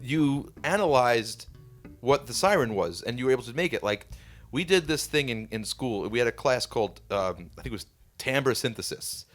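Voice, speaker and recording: A man's voice: medium pitch, animated, normal speed, a bit bright, faint music behind. A man hosting a casual band podcast, talking in a curious, rambling way with lots of fillers. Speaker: podcast host and band guitarist. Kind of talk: casual chat.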